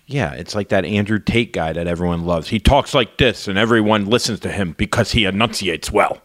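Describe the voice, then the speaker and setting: A man's voice: low-pitched, fairly quick, fairly bright tone, no room sound. A man from Florida chatting on a podcast, joking and poking fun at himself. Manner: joking, self-deprecating. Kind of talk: casual chat.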